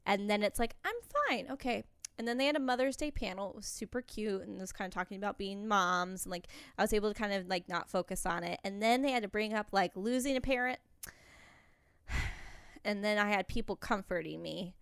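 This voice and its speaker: A young woman talks candidly on a podcast, rambling a little and laughing often as she goes. Her voice is smooth and clear at a middle pitch. The sound is dry and close to the mic. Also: a little fast, a bit bright, no room sound. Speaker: podcast co-host. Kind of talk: casual chat.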